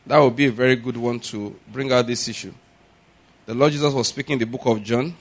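Speaking at a fairly quick clip in a steady, medium-pitched voice, a man preaches to his church. He poses questions to the congregation, leads them in repeating after him, and works up to loud, forceful delivery.

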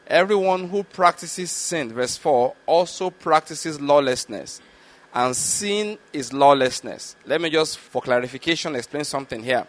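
A man delivers a Bible teaching with a slightly higher-than-average voice. He reads scripture slowly and deliberately, then breaks off to explain and asks his listeners whether they are following. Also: fairly bright tone. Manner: slow, deliberate reading of scripture with explanatory asides; repeatedly checks understanding with the listeners. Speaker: preacher.

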